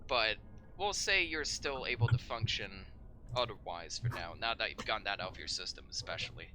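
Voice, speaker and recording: A man running a tabletop game, narrating scenes in a laid-back, joking way. His voice is very bright, and his pitch moves a lot as he describes what happens. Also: lively intonation, brisk, slight background noise. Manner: laid-back, laughing, casual swearing. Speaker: game master.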